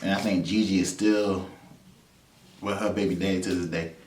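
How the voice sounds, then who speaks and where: A man hosting his own vlog, telling a personal story in a loose, animated way with frequent laughs and repeated phrases. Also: low voice, moderate pace. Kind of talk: casual storytelling monologue. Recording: roomy sound from a distance to the mic.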